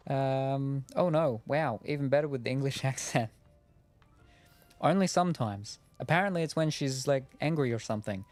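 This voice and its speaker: This Australian man streams gameplay while chatting loosely, cracking jokes and filling pauses with lots of ums. His voice is medium-pitched and a little mellow, recorded without echo.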